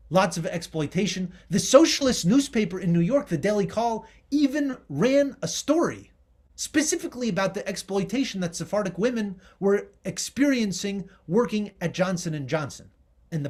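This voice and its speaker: Lively male professor lecturing. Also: high-pitched. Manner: enthusiastic, conversational, with fillers. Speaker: professor giving a history lecture. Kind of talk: slide presentation.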